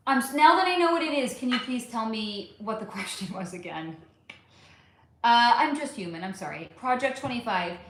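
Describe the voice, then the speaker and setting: Woman livestream host, rambling casual chat, slightly high voice, echoey room. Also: fairly bright tone. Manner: chatty, rambling, frequent fillers. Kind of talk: casual livestream chat answering viewer comments.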